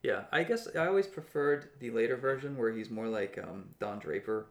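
A man's voice: mid-range voice, normal speed, vocal fry. A man co-hosting a casual chat about a cartoon, enthusiastic and easygoing with frequent fillers. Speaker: podcast co-host.

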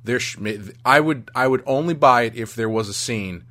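A man's voice: mid-range voice, moderate pace, fairly bright tone. A man co-hosting a podcast, chatting about a film in a casual, joking way and often restarting his sentences. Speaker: podcast co-host.

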